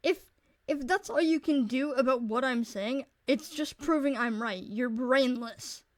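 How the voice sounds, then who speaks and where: A woman's voice: high-pitched, a little slow, no echo. A woman voicing a mean, taunting young boy in a visual novel she reads aloud.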